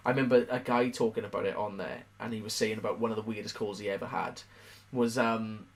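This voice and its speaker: A man's voice: on the low side, fast talker. A young Welsh man co-hosting a casual podcast chat, swearing freely and telling stories animatedly. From Wales. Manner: swearing, animated storyteller who puts on voices in quotes. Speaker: podcast co-host.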